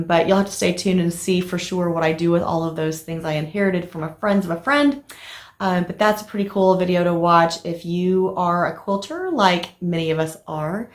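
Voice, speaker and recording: A middle-aged woman chatting casually to camera as a crafting vlogger, telling stories in a lively, animated way with plenty of fillers. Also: fairly low pitch, echoey room.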